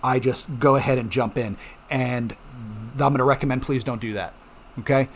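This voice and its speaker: A middle-aged man on his home mining channel speaks at normal speed in a mid-range voice with fairly even intonation. His casual explanatory talk is chatty and reassuring, dotted with "okay?" check-ins, and he coughs at times.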